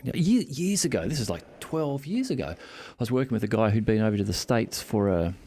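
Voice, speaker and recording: A man's voice: lowish voice, a little fast. A man in casual podcast chat, telling stories and acting out the people in them. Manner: animated storyteller, acts out quoted voices.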